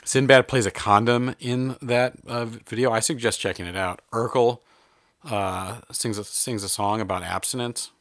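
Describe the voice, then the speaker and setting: A man co-hosts a podcast, chatting casually about a movie in a rambling, hesitant way. His mid-range voice has fairly even intonation and a fairly bright tone at a moderate pace, recorded at studio quality with no echo.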